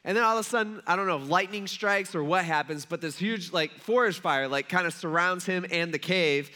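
A man giving a casual sermon, telling a Bible story in a chatty, animated way, swinging from loud emphasis to hushed asides. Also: high voice, fairly quick. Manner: conversational, animated storytelling with voiced characters. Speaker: preacher.

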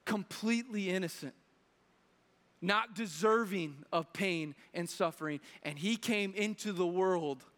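A man's voice: sits high, a little slow, a bit bright. A man in his thirties preaching a sermon as pastor, earnest and building in intensity, with frequent restarts. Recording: long reverb of a large hall.

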